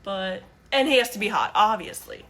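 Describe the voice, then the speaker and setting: A woman's voice: medium pitch, big pitch swings, moderate pace, a bit bright. A young woman vlogger chatting bluntly and casually as she picks a date outfit, swearing freely. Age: young adult. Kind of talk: casual get-ready-with-me chat. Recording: noisy background ambience.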